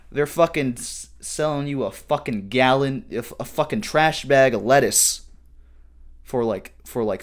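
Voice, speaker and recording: A man in his twenties hosting a solo comedic podcast, rambling and swearing with heavy slang and animated outbursts. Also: mid-range voice. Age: 20s. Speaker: podcast host.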